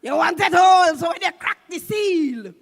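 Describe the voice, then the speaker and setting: Loud Trinidadian woman doing stand-up. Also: extremely high pitch, moderate pace, creaky. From Trinidad and Tobago. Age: 50s. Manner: loud, animated, shouting punchlines. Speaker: stand-up comedian. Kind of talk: stand-up comedy on stage. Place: live stage with audience.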